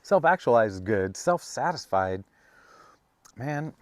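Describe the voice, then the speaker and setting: A man giving a casual, rambling tarot reading, full of fillers and restarts, now and then breaking into high, playful bursts. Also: big pitch swings, unhurried, darkish tone, dry recording. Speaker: tarot reader.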